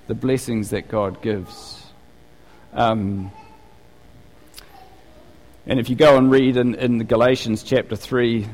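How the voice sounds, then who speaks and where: A man's voice: a little high, darkish tone, long reverb tail. A male pastor giving a sermon, telling stories in a conversational way with frequent restarts.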